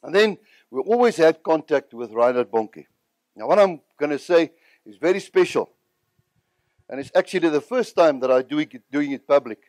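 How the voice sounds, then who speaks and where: High-voiced South African man telling his testimony. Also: animated, normal speed, a little mellow, dry recording. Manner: earnest, emotional storytelling. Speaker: evangelist. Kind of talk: personal testimony.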